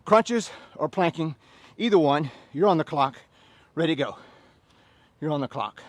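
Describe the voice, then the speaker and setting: A man in his fifties runs a fitness class. His voice sits a little high and sounds close and dry. He banters easily between exercises and shouts the rep counts. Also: lively intonation, moderate pace, no echo. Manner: joking, counting reps in loud bursts. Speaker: fitness instructor. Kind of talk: leading a workout class.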